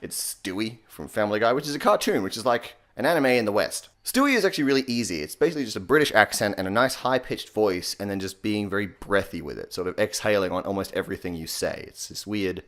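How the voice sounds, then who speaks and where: A young man hosting a comedic voice tutorial, sarcastic and deadpan, swearing casually. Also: on the low side, quick pace, hardly any pauses. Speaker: comedy YouTuber.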